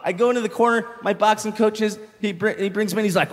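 Young guy doing stand-up, pretty high voice, shouty bits, big reverby hall. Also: fast talker. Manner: animated storytelling, shouting punchlines. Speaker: stand-up comedian. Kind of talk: stand-up comedy set. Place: comedy stage with live audience.

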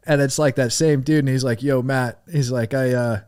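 A middle-aged man telling a wild story in casual podcast chat, animated and profane, laughing as he goes. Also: medium pitch, normal speed. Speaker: podcast guest.

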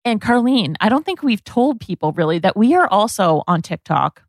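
A woman's voice: medium pitch, sing-song, moderate pace, no room sound. A woman co-hosting a beauty podcast, introducing the episode and reading a sponsor ad in an upbeat, conversational way. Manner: upbeat, conversational, sometimes says "like". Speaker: podcast co-host. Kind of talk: podcast intro and host-read ad.

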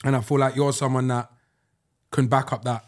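A man's voice: mid-range voice, flat delivery, normal speed, darkish tone. A man co-hosting a studio podcast, chatting casually in an earnest, slangy way, often repeating himself. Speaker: podcast co-host. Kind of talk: casual chat.

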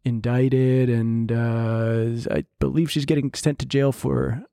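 A man co-hosting a podcast, chatting casually with halting restarts and fillers. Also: mid-range voice, gravelly, warm tone, no echo, clean studio sound. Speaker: podcast co-host. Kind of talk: casual chat.

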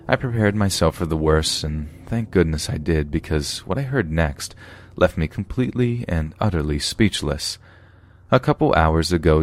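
A man narrating true horror stories for a podcast in a steady, measured reading. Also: rumbling low, no room sound.

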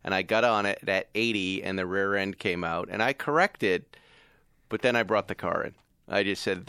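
Animated low-voiced man hosting a chat. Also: moderate pace, smooth, dry recording, clean studio sound. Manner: animated storyteller, reads car specs aloud. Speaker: podcast host. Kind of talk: casual chat.

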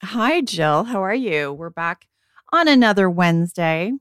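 A woman in her forties, co-hosting a podcast as a beauty editor, chatting casually and often quoting herself in quick asides. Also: lowish voice, lively intonation, smooth, no echo, studio quality. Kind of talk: casual chat.

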